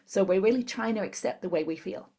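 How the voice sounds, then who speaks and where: A woman guest in an interview, calmly explaining a tapping technique step by step. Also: mid-range voice, fast, husky. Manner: calm step-by-step instructor. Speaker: guest, tapping therapy practitioner.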